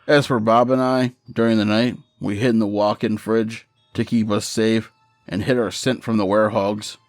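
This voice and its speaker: A man's voice: on the low side, level tone, normal speed, no room sound, clean studio sound, faint music behind. A man reading a first-person horror story in a matter-of-fact, profane storytelling manner.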